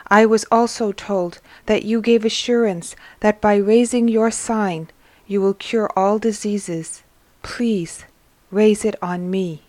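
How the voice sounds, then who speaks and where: A woman voicing a desperate, diseased grown man who begs loudly for mercy in a dramatized religious reading. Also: medium pitch, no room sound, natural voice. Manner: pleading, crying out loudly.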